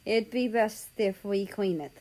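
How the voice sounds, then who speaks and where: A woman playing a calm young tomcat. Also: medium pitch, unhurried, natural voice, poor audio. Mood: steady. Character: calm, caring young male cat.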